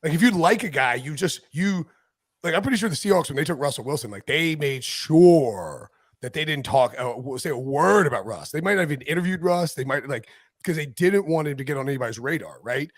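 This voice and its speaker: A husky-voiced man rambles through casual podcast chat with a lively, swooping delivery. His voice sounds dry and close. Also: on the high side, fairly quick, no echo. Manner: rambling, animated, many fillers. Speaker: football podcast host.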